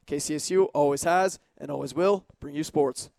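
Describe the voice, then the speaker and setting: A young man calling football play-by-play on college radio, brisk and detailed about formations and yardage. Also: on the high side, gravelly, a little mellow, a little hiss or hum. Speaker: play-by-play announcer. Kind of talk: radio sports commentary.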